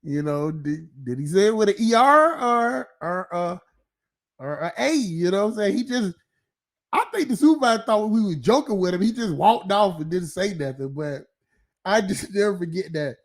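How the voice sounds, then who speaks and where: A man's voice: high voice, lively intonation, moderate pace. A man hosting an open-topic live stream, ranting casually and profanely with frequent laughs and filler phrases. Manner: profane, rambling, laughs often, filler-heavy.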